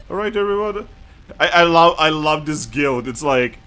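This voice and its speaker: Here the gamer's medium-pitched voice moves at a normal pace through relaxed play-by-play, full of excited outbursts, frequent laughs, and plenty of swearing.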